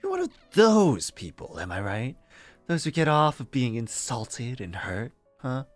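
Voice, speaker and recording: A man's voice: mid-range voice, wildly swooping pitch, measured pace, no room sound, faint music behind, voice pushed up. A man reading aloud and voicing a cold, arrogant young man who talks down to others with hissed, clipped threats. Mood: contemptuous. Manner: hissing, contemptuous, clipped threats.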